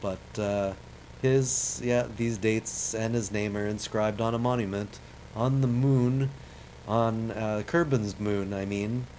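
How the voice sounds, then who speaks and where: A man's voice: lowish voice, fairly even intonation, slow pace, a little mellow, slight background noise, poor audio. A man streaming a space-flight game, giving rambling, chatty, self-deprecating commentary as he plays. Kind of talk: casual commentary while playing a space sim.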